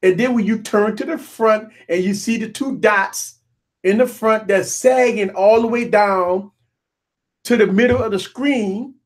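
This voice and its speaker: A man hosting a live tech stream, joking and ranting in an animated, repetitive way. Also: sits high. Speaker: tech show host.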